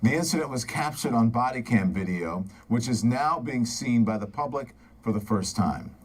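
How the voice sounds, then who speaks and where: A man anchoring a news broadcast in a steady, formal read. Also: mid-range voice, normal speed, slightly rough.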